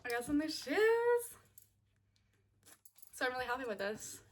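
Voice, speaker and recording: A woman's voice: high-pitched, sing-song, a little slow. A young woman from Northern Ireland with a Northern Irish accent, chatting casually and giggly in a vlog, swearing freely. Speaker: book vlogger. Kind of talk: casual chat to camera. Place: bathroom at night. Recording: echoey room with background noise.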